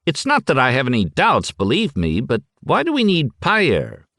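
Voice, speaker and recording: A man doing a cocky, blustering chatterbox of a man, pitched well above the reader's own voice and bouncing through a lively range. He talks fast and brags, with a dry, close sound and no room around it. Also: no room sound. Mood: nervously pushy. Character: brash boastful loudmouth man, a chatterer.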